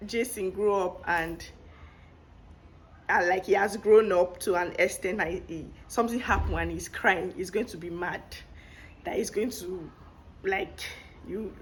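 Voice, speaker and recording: A woman with a Nigerian accent, talking to camera in a chatty vlog, animated and laughing often as she tells a story, recorded at home on a clip-on mic. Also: mid-range voice, a little slow, pauses often. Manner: animated, laughs often, talks with lively emphasis. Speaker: vlogger. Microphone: clip-on microphone.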